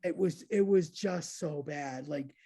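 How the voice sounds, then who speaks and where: A woman in her thirties telling a story in casual chat, lively and laughing, jumping into high voices to act out quotes. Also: unhurried, breathy edge. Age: 30s.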